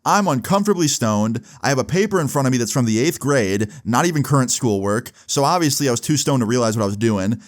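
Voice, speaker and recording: A young man telling a personal story in a casual vlog, animated, with lots of fillers. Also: mid-range voice, fast talker, hardly any pauses. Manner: animated, swearing, fillers like "like" and "right". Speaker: vlogger.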